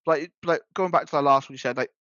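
Fast and fairly bright, a slightly high male voice belongs to a podcast co-host in casual conversation. His rambling is laced with fillers and restarts, and the dry recording sounds dull and a little lo-fi.

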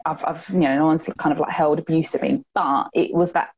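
A woman's voice: low-pitched, fairly even intonation, brisk, a little mellow, breathy edge, lo-fi sound. A woman with a Cockney English accent talking openly and reflectively as an interview guest, with many fillers. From England. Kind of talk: candid conversational interview.

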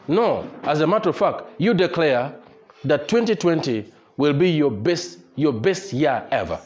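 Emphatic male pastor with a lively voice. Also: fairly high pitch. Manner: emphatic, repetitive exhortation, leads congregation in prayer. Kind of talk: sermon. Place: church service with congregation.

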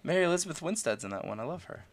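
A man chatting casually about a movie as a co-host, animated, swearing and acting out scenes. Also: on the high side, racing.

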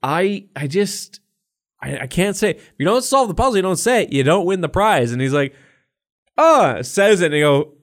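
A man's voice: high voice, lively intonation, brisk. A young man co-hosting a podcast, telling loose stories in casual chat, swearing often and laughing along as he goes. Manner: swears constantly, laughs through his own stories. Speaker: podcast co-host.

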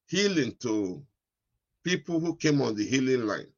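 A man's voice: mid-range voice, big pitch swings, measured pace, no room sound, muffled recording. A man pastor delivering a sermon, repeating his lines for emphasis. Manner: repetitive, emphatic preaching.

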